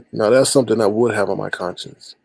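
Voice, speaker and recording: A man's voice: lowish voice, fairly even intonation, brisk, creaky, slightly rough, no room sound. A man hosting a casual livestream, talking with callers and addressing his chat by name, often repeating himself. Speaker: livestream host.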